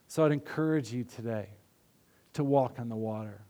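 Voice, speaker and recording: A man preaching a sermon in an earnest, conversational way, often dropping his voice softly. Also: mid-range voice, normal speed. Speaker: pastor.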